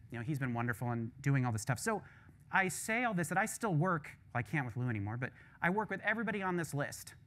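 Candid, animated male professor lecturing. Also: fairly high pitch. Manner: candid, animated storytelling with casual asides. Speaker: visiting professor giving a lecture. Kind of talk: lecture closing remarks.

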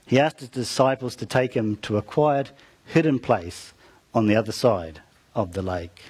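A man's voice: medium pitch, moderate pace, a little mellow, husky. A man preaching, retelling a story to his congregation and calling out to them as he goes. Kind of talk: storytelling sermon.

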